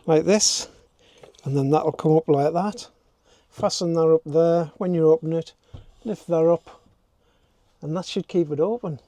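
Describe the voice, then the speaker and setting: Working inside his camper van, an older man talks casually to a handheld camera in a DIY vlog, musing aloud and mocking himself. His voice is warm and on the high side.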